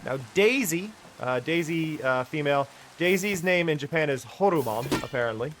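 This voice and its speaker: A man chatting playfully and excitably with viewers during a live gaming stream. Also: a little high, normal speed, over music. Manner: playful, excitable, talks to chat.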